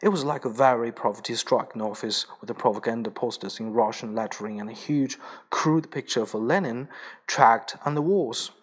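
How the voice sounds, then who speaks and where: A man's voice: medium pitch, moderate pace, husky. A man narrating a story in a plain reading voice, with the occasional slip and restart. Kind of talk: audiobook reading.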